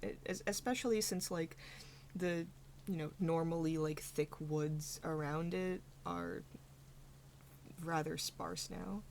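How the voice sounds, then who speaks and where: A woman's voice: deep voice, steady tone, takes it slowly, vocal fry, darkish tone, a little hiss or hum. A young woman narrating a tabletop game as game master, rambling with lots of fillers.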